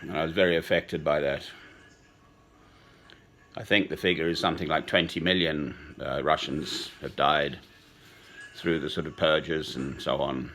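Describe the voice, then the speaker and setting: Deep voiced guy in his sixties, slow rambly sentimental chat, chuckles now and then. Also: fairly even intonation, a bit bright, slight background noise. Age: 60s. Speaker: speaker addressing a woman. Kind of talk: rambling personal monologue.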